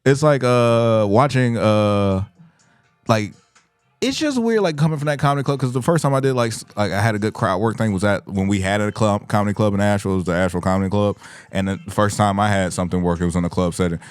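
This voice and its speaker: A man's voice: on the low side, fast talker, smooth, dry recording, faint music behind. A man, talking as the comedian guest in a casual podcast chat and acting out crowd voices as he tells stories. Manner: animated storyteller, acts out crowd voices.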